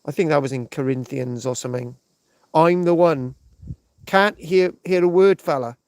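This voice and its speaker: A British man hosting a live stream rambles along with heavy swearing, repeated restarts and a steady stream of "right?" His voice is a little high and a little mellow, at a moderate pace, in a studio-quality recording with no echo.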